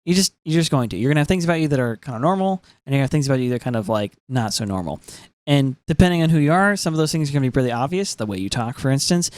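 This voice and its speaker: Excitable, filler-heavy podcast co-host. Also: medium pitch, racing, no echo. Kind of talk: casual chat recapping an episode.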